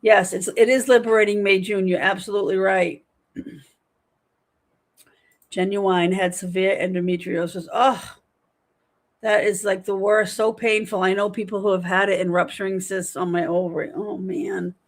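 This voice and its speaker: A chatty woman in her fifties hosts a livestream from home. She talks in a casual, lively way, reading viewer comments aloud and answering them. Her voice sits at a middle pitch for a woman. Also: moderate pace. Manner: chatty, animated, reads chat aloud. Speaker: livestream host.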